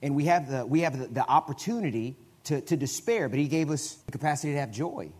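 A man preaching a sermon in a conversational way, often restarting his phrases and breaking into sudden loud bursts. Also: mid-range voice, fast talker, breathy edge. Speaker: guest preacher.

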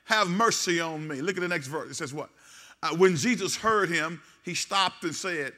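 A man preaching a sermon as pastor, calling out to the congregation and rising to shouts. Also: on the high side, normal speed.

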